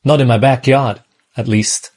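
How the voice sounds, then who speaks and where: A man's voice: medium pitch, fairly even intonation, normal speed, a little mellow. A man from Australia, preaching a sermon in a conversational way and often checking in with the listeners. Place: church in Malaysia.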